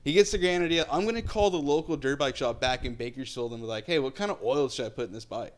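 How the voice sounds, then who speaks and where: A young man telling a story in casual chat, swearing often and jumping up high and loud when he acts out shocked reactions. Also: fast talker.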